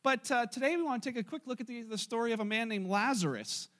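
A man's voice: very high voice, fast talker, fairly bright tone. A man preaching a sermon in church, retelling a Bible story in a casual, joking way to his congregation. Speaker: pastor.

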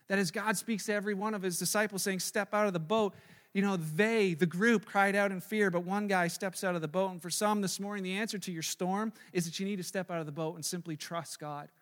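A man preaching a sermon as a pastor, animated and acting out the voices he quotes, often repeating words as he presses a point. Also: sits high. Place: church sanctuary. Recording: long reverb of a large hall.

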